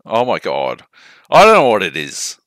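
A man's voice: lowish voice, huge pitch swings, moderate pace, a bit bright, dry recording, clean studio sound. An Australian man co-hosting a gaming podcast at home on a laptop mic, in sweary, jokey casual chat. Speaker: podcast co-host.

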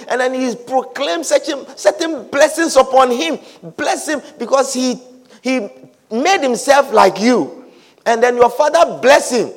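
A man preaching a sermon, animated, breaking into shouts and acting out the people in the scripture. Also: extremely high pitch. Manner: animated, acts out scripture characters with shouts and laughter.

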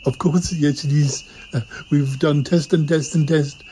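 A man's voice: a little high, steady tone, unhurried, warm tone, a little hiss or hum, low-quality recording. A man hosting a comedy podcast, talking in a flustered, stammering way. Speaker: podcast host. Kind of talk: comedic improvised chat.

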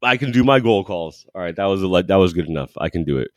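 A young man co-hosting a casual sports podcast, animated and laughing often, breaking into long shouted goal calls. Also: low voice, fast talker, dry recording, studio quality. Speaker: podcast co-host. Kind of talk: casual chat.

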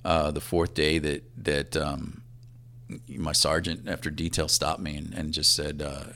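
A man in his fifties, a police assistant chief, telling a personal story in a halting, reflective way that often trails off quietly. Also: a bass voice, level tone, creaky.

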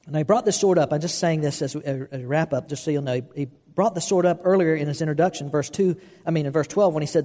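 A man's voice: a little high, fast talker, few pauses, a little mellow. Earnest preacher man in a hall. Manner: earnest, repetitive, restarts phrases for emphasis. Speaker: pastor. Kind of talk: sermon. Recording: long hall reverb.

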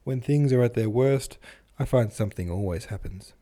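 A man reading the lines of a cheerful, sympathetic young woman who is poor but carefree, voiced gently and with light teasing. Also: mid-range voice, moderate pace, lightly acted.

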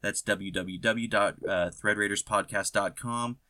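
A man hosts a podcast in loose, joking chat. His voice sits fairly low but comes across bright and forceful, and he argues back sarcastically, with the odd curse. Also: steady tone. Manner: sarcastic, swearing, quick to argue. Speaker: podcast host. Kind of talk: casual chat.

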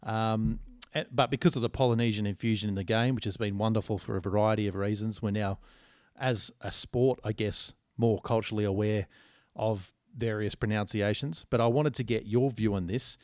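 A man's voice: lowish voice, fairly even intonation, moderate pace, a little mellow, dry recording, studio quality. A man co-hosting a podcast, wry and articulate in casual banter. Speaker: podcast co-host.

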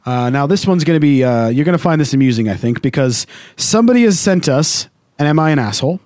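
A man's voice: a little high, lively intonation, fast talker, a little mellow, no echo, clean studio sound. A man co-hosting a podcast, chatting casually and swearing freely. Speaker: podcast co-host. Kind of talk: casual banter.

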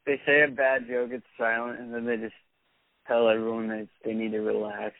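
A man hosts a podcast in a relaxed, casual way, tossing in short replies and dry quips. His voice comes through thin and phone-like. The sound is dry and close. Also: mid-range voice, fairly quick, gravelly, dry recording. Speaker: podcast host. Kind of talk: casual chat.

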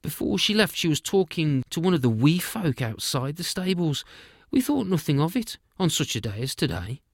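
In a storybook, a man voices a sly court spy, chatty and offhand, pitching his voice a little high, above his own natural range. He's very animated at a normal speed, recorded in a clean studio with no room sound.

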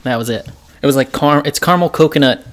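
A man's voice: a little high, quick pace. A man hosting a podcast from a loft converted into a studio, chatting casually and laughing easily with his co-host. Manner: laughs easily, relaxed banter. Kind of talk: casual chat.

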